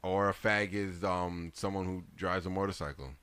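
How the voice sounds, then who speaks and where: A man in his twenties, co-hosting a podcast in casual chat, loud and laughing as he tells stories. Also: deep voice, moderate pace, smooth, no echo. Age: 20s. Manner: loud, laughing, animated storytelling. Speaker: podcast co-host.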